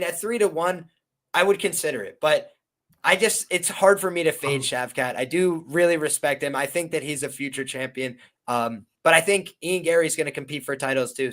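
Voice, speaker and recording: A man appearing as a guest on a fight-betting show, thinking through his picks out loud in a measured way. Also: on the high side. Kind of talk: casual fight-betting chat.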